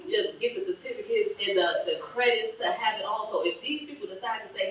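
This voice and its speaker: A woman's voice: mid-range voice, a little fast, noisy background. A woman from the West Side of Chicago giving an emotional, laughing thank-you speech at a book reception. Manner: emotional and laughing, quotes herself often. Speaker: guest speaker. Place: event hall at a book reception. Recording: echoey hall, mic from a distance, faint ambience.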